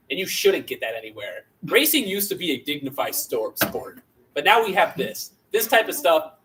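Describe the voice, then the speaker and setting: A man's voice: a little high, fairly bright tone. A man hosting, giving a joking debate rebuttal with exaggerated indignation, recorded on a distant mic. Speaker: host. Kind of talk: mock-serious debate speech. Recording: distant mic with faint background noise.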